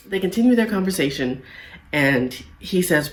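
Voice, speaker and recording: A woman's voice: deep voice, lively intonation, brisk. A woman hosting a casual reality TV recap, talking in an exasperated, sarcastic way.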